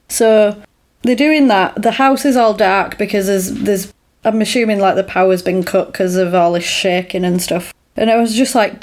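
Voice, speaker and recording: A woman chatting casually, retelling events with lively acted-out lines and laughs. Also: mid-range voice, moderate pace. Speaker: podcast co-host recapping a film. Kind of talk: casual chat.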